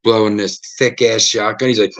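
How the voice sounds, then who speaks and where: A man hosting a podcast, telling stories in a casual, profane, animated way and acting out the voices of the people in them. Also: fairly low pitch, moderate pace. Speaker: podcast host. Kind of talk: casual storytelling chat.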